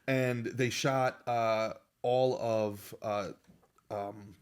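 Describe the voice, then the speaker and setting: A man hosting a casual chat, telling stories in a quick, excitable way. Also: lowish voice, clear, resonant tone. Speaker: host.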